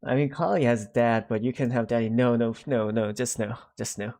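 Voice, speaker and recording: A man's voice: mid-range voice, fairly even intonation, fairly quick, a little mellow. A young man chatting casually on a live art stream, rambling and self-deprecating and reading out viewers' chat.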